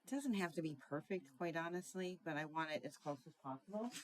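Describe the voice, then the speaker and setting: Chatty woman with a lowish voice. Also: animated, fairly quick. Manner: chatty, searching for words, frequent ums and throat clearing. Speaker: craft tutorial host. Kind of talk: casual card-making tutorial.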